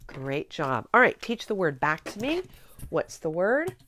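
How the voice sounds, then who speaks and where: A middle-aged woman teaching a spelling method, explaining clearly and coaching a student step by step. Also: fairly low pitch, very animated, a little slow, fairly bright tone, slight background noise. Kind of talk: instructional demonstration.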